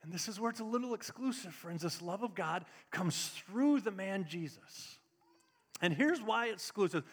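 High-voiced preaching man in an echoing hall. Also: moderate pace. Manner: animated preaching, talks to the congregation, rising to emphatic peaks. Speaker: pastor. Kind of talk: live sermon. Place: church sanctuary with congregation. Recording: reverberant church hall.

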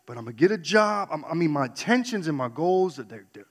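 A man from New York telling a candid personal story on stage, swinging between loud outbursts and hushed asides. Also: fairly high pitch, sing-song, brisk. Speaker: speaker. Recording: long hall reverb.

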